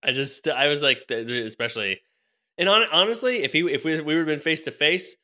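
A man's voice: on the high side, expressive, fairly quick, bright, forceful tone. A young man telling a rambling story in casual chat, full of fillers, restarts and laughs. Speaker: podcast co-host telling a story.

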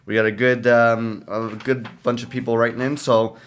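A man's voice: mid-range voice, little pitch movement, normal speed, a little hiss or hum. Man rambling through a story. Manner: rambling storyteller, frequent fillers and restarts. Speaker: podcast co-host. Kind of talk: casual chat.

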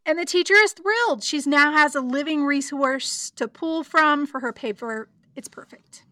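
High bright gal recapping a show, giggly and chatty, dry close sound. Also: female voice, normal speed, no room sound. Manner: chatty, giggly, lots of likes and ums. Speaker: podcast co-host recapping an episode. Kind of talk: casual chat.

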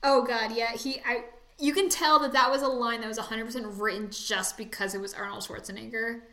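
Chatty woman, bright and echoey. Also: on the high side, steady tone, a little fast. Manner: chatty, quotes people in put-on voices. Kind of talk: casual chat about a movie.

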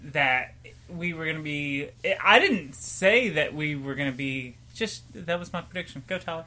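A man hosts a casual podcast chat with a bright, forward tone. He laughs easily and steers the group with questions. Faint noise hums under the recording. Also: a little high, moderate pace. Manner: laughs often, leads the discussion with questions. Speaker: podcast host.

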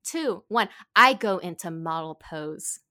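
Animated young woman with a bright voice. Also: fairly low pitch, slow. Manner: animated, giggly, lots of "like". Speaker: podcast co-host. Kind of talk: casual storytelling chat.

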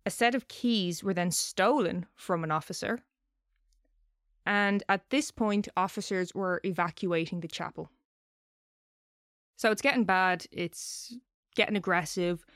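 A woman's voice: lowish voice, a little slow, a bit bright, dry recording, clean studio sound. A woman co-hosting a podcast, telling a story in a loose, chatty way and swearing casually. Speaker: podcast co-host.

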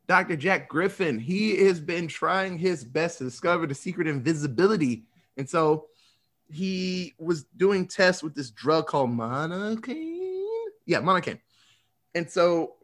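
A podcast host with a high, slightly bright male voice rambles through a casual recap of a film. He swears and laughs as he tells the story.

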